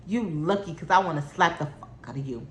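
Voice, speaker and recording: A woman's voice: sits low, a little fast. Heated, profane young woman in an echoey room. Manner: heated, profane, repeats herself for emphasis. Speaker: vlogger telling a story. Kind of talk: storytime vlog.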